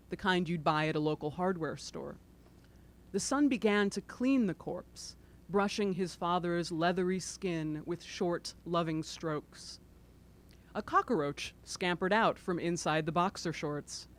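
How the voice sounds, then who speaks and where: At a bookstore event, a woman with a lowish voice reads from her own book, pausing now and then for expressive, self-deprecating asides.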